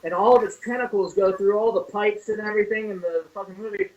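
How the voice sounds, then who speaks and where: A man on a horror podcast telling childhood stories in casual chat, animated and full of profanity. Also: sits high, fast, dull audio. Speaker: podcast co-host. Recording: distant mic with faint noise.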